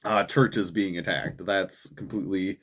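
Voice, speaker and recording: A man's voice: sits low, steady tone, a little slow, fairly bright tone, a little hiss or hum. Young male show host; heated, profane ranting, casual "dude" fillers. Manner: profane, heated, swearing constantly; frequent fillers like "man" and "dude". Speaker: host of a political commentary show. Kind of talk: angry ranting commentary.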